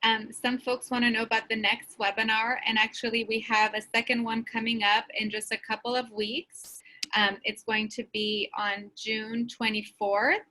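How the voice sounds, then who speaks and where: Woman moderating a webinar, bright voice, pretty flat, just reading questions. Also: mid-range voice, poor audio. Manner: even, steady, reads questions out.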